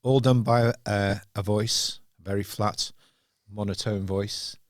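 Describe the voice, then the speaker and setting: A man's voice: lowish voice, steady tone, measured pace, dry recording, clean studio sound. A man hosting a casual film podcast, talking in a reflective way and often searching for words. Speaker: podcast host.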